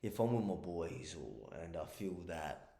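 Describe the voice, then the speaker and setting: A man talks through casual advice in a low voice, blunt and sweary, checking in with the listener over and over. The sound has a roomy echo around it. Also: very animated, measured pace, vocal fry, mellow. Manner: blunt and profane, keeps checking in with "okay?". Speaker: advice vlogger.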